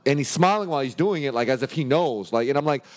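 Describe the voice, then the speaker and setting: A man telling a story in casual conversation, profane and animated, acting out what people said. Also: medium pitch, quick pace. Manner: animated, profane retelling, acts out quotes loudly. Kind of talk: casual chat.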